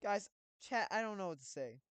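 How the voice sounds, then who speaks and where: A woman's voice: mid-range voice, lively intonation, fairly quick, no room sound. Profane, exasperated woman streamer. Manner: blunt, profane, exasperated reactions. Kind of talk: game playthrough commentary.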